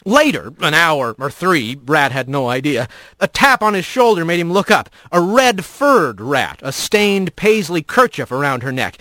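Male narrator, high bright voice, dry close sound, lively storybook read. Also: a little slow, no room sound. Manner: vivid, varied reading.

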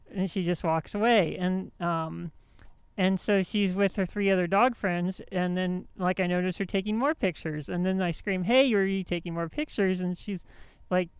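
Indignant woman host, very crisp voice. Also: lowish voice, no room sound. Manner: indignant, emphatic, rambling with restarts. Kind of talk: casual monologue storytelling.

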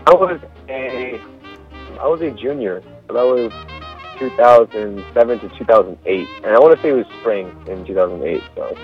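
A man in his thirties telling a personal story casually, with relaxed fillers, restarts and laughs. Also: medium pitch, normal speed, muffled recording, faint music behind. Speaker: storyteller guest.

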